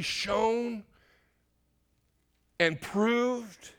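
A man preaching from the pulpit of a church, his voice sitting a little higher than most men's. He talks loosely and casually, stumbling over verse numbers, laughing at himself and tossing questions out to the congregation. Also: moderate pace, pauses often, fairly bright tone. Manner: off-the-cuff, self-correcting, asks the congregation questions. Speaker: pastor. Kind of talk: sermon. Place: church sanctuary.

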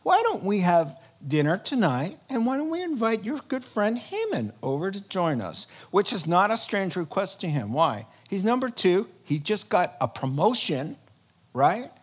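A man preaching a sermon, retelling a story with lively acted-out character voices and chuckles. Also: high-pitched, normal speed, breathy edge.

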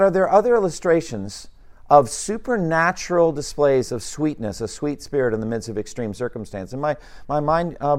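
Male Bible teacher, mid-pitch, chatty sermon delivery with asides and restarts. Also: darkish tone. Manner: informal, musing asides with restarts.

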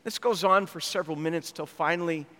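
A man preaching a sermon, telling an animated story and voicing its characters. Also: on the high side, brisk, in a large hall. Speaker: pastor.

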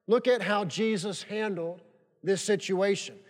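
A man with a notably high voice delivers a sermon from the pulpit. He drives his points home with emphatic repetition. His words trail off into the long reverb of a big sanctuary. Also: unhurried. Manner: emphatic, repeats key phrases for stress. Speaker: pastor. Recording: long reverb of a large hall.

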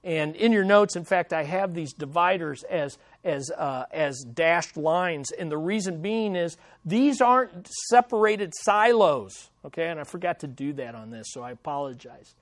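A man preaching a sermon as pastor, delivering lines with dramatic, slow, punchy emphasis. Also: a little high, animated, no room sound.

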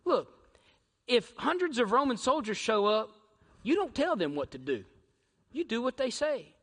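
A man preaching a sermon in a high, bright voice that rings through a church hall with a long reverb. He leans hard on rhetorical questions to the congregation and swings from shouts down to hushed near-whispers. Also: big pitch swings, normal speed. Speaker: pastor. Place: church sanctuary.

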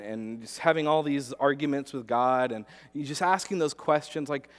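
A man's voice: medium pitch, moderate pace, few pauses, clear, resonant tone. A male pastor telling a personal story in a sermon, earnest, with frequent restarts and repeated words. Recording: long hall reverb.

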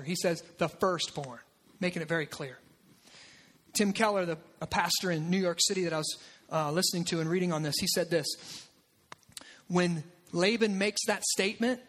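Male pastor, very high voice, animated sermon delivery, long hall reverb. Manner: animated, acts out quoted lines with raised voice.

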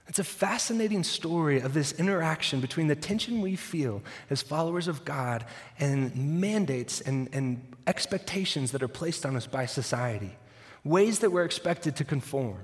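A man's voice: a little high, expressive, moderate pace. A man preaching a sermon, retelling a Bible story and acting out the quotes with dry humor. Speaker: pastor. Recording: long reverb of a large hall.

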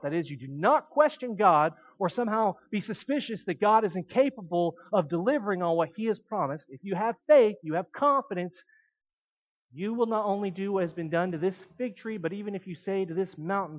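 A man preaching a sermon in an animated way, shifting between quiet explanation and emphatic points. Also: high-pitched, normal speed, muffled recording.

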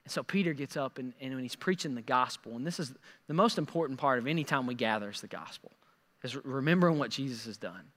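A man preaching a sermon, animated and repeating words as he acts out scripture quotes. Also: mid-range voice, fast talker, long reverb tail. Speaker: pastor.

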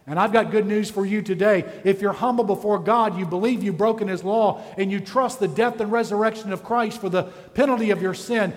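An intense male preacher delivering a sermon with a high voice. He drives his points home with one rhetorical question after another. The sound carries a long reverb from a large church hall. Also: fairly even intonation, moderate pace, hardly any pauses. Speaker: pastor.

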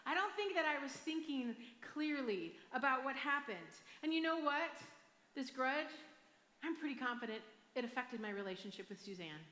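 A woman's voice: sits high, sing-song, moderate pace, bright, forceful tone. A woman pastor with a Michigan accent preaching a sermon, telling a personal story in a chatty, self-deprecating way with frequent asides. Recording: roomy hall reverb.

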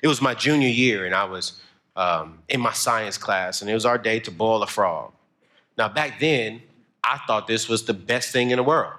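A young man, preaching a motivational sermon, telling stories and building to shouted emphasis. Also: fairly low pitch, moderate pace.

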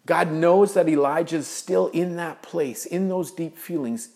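A man's voice: on the high side, a little slow, creaky. Earnest male preacher. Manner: earnest, building to emphatic then dropping soft. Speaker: pastor. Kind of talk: sermon.

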